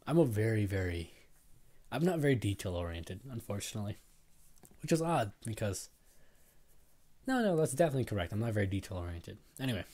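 A man's voice: fairly low pitch, a little mellow. A young man hosting a casual solo podcast, telling a rambling, self-deprecating story and tagging his sentences with "right?". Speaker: podcast host.

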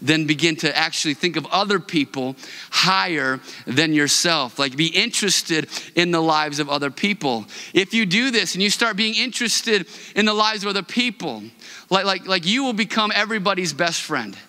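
A man's voice: high-pitched, moderate pace, bright, forceful tone, long reverb tail. A man preaching a sermon as pastor, talking in a conversational way with many fillers and restarts. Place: church sanctuary.

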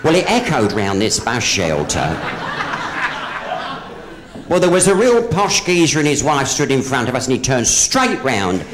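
Man, stage comic, gossipy live storyteller with a very animated voice. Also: medium pitch, unhurried, pauses often, noisy background. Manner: chatty gossipy storyteller, hops in and out of voices for each character. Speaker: stand-up comedian. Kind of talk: live stand-up joke telling. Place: theatre stage with a live audience.

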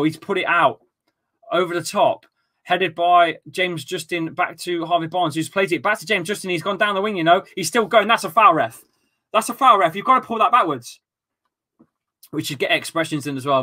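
A man hosting a live football watchalong, talking excitedly, laughing often and shouting during goals. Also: a little high. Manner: excitable, laughing, loud celebrations. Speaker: fan channel host.

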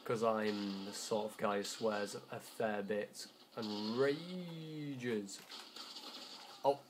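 A teenage boy talks through his gameplay at home, rambling and backtracking as he goes. His voice sits a little low, and he is quick to grumble when things go wrong. A faint hiss runs under the recording. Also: little pitch movement. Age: teens. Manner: rambling, self-correcting, quick to frustration. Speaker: gamer. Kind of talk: gameplay commentary.

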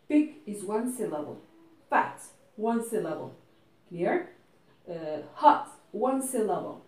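A woman teaching an English grammar lesson, explaining patiently step by step, checking often that her students follow, and slipping into French and Arabic to make a point clear. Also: medium pitch, big pitch swings, takes it slowly, a little mellow. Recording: echoey room, voice from a distance.

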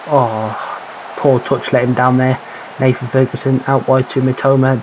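A man's voice: mid-range voice, little pitch movement, normal speed, darkish tone, highs cut off, slight background noise. A man giving casual let's-play commentary on a football management game, calling out players and thinking aloud about tactics. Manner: calls player names, mutters his own worries. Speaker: gaming commentator.

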